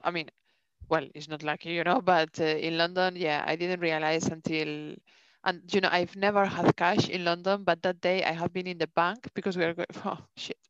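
Casual female co-host, smooth clear voice, laughs easily, dry muffled audio. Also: lowish voice, a bit bright, no room sound. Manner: laughs along, loose storytelling. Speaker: podcast co-host. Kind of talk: casual chat. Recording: dull, dry lo-fi sound.

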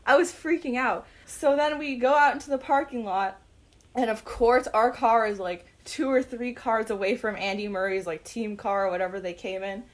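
A young woman excitedly telling a casual story, giggling often and using lots of fillers. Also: on the high side, normal speed.

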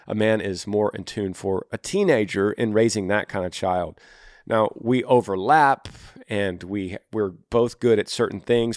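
On a studio microphone, with a dry, clean sound, a man with a lowish voice hosts a podcast. He gives a listener earnest, encouraging advice, repeating his key phrases.

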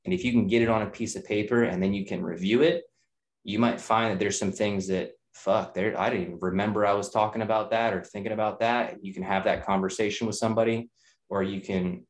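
A man's voice: fairly low pitch, fairly even intonation, brisk. A young man, a nutrition coach and trainer, talking candidly on a podcast, swearing freely and building points in chains. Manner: candid, profane, repeats ideas in chains. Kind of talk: casual podcast talk.

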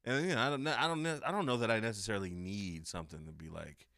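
A man's voice: fairly low pitch, fast, sharp tone, no room sound, studio quality. A young man hosting a podcast in casual chat, rambling, swearing freely and laughing often. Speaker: podcast host.

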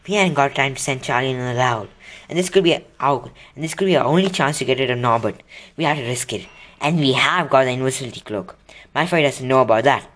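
Man doing a determined schoolboy wizard, steady, plain, storybook. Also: medium pitch, fast, natural voice.

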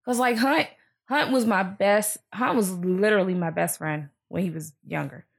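A woman's voice: mid-range voice, normal speed, creaky, husky. A woman in her thirties hosting a podcast, chatting candidly about family and laughing easily. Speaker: podcast host. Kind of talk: casual chat.

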